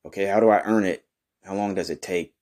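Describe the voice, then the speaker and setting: A man's voice: sits low, steady tone, a little fast, darkish tone. A man hosting a comedy podcast in character, talking brashly and profanely in slang, arguing with someone who is never heard. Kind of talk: improvised comedic monologue.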